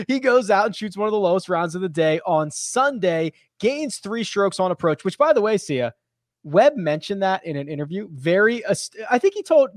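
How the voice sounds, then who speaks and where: A man with a fairly high voice hosts a casual sports podcast. He talks with animated energy and often stumbles and restarts mid-sentence. The sound is dry, with no room around it. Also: no room sound. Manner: animated, restarts and trips over himself. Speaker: podcast host.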